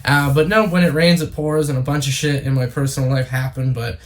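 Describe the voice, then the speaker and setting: A man's voice: mid-range voice, steady tone, brisk. A young man from Canada talking casually to camera, rambling with many fillers and tangents. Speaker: YouTuber. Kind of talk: casual vlog monologue.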